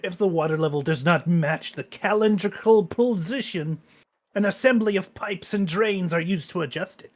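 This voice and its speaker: A man's voice: high-pitched, normal speed. A man streaming a game with friends, chatting casually and reading game text aloud, laughing easily. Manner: laughs easily, animated and playful.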